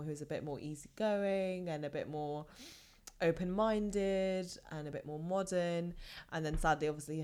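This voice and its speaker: A woman's voice: low-pitched, a little mellow. A young woman from England chatting casually and giving her opinions as a podcast co-host. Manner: chatty, opinionated, lots of fillers.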